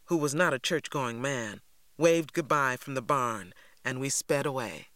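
A man reading a first-person story aloud with steady, expressive narration. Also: a little high, dry recording. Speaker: audiobook narrator.

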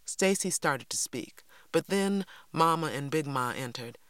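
A man giving a measured, unhurried audiobook narration. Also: a little high, expressive, pushed and bright, clean tone, no room sound.

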